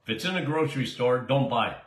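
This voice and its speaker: A man's voice: medium pitch, expressive, fast, fairly bright tone, echoey room. An older man, a doctor answering listener questions in a chatty, emphatic way that drifts into tangents. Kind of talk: casual call-in style Q&A monologue.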